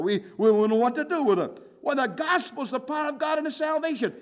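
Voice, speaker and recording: An older man preaching a sermon, telling folksy stories and acting out voices in quoted dialogue. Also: sits high. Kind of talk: sermon with storytelling.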